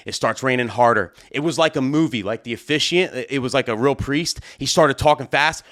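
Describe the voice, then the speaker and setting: Man, wedding DJ, fairly high voice, casual storytelling, excitable, rambling, lots of fillers. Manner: excitable, fast rambling with many fillers and "right?" tags.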